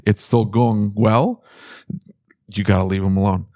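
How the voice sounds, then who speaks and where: Low-voiced guy hosting a podcast, teasing and blunt, dry close mic. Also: steady tone, measured pace, warm tone, no echo. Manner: teasing, blunt advice-giving. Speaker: podcast host. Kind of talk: casual podcast chat.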